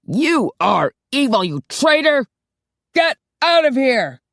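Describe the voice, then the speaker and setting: A man's voice: mid-range voice, animated, normal speed, no echo, studio quality, voice pushed down, natural voice. A woman voicing a stern middle-aged male vampire-hunter boss who speaks harshly and with contempt, in an audiobook. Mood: shouting. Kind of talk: audiobook character voice.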